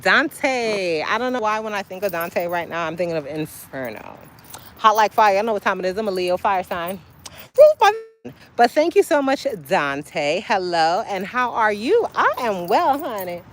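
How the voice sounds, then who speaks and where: A woman hosting a casual livestream outdoors by a street, chatting straight to her viewers and breaking into sudden high exclamations. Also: sing-song, moderate pace. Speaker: livestream host. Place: outdoors by a street, waiting for a ride.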